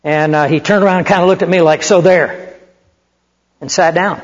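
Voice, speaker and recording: High-voiced man preaching in a reverberant hall. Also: fast talker. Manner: animated, conversational storyteller. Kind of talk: sermon with storytelling. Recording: muffled hall recording with long reverb.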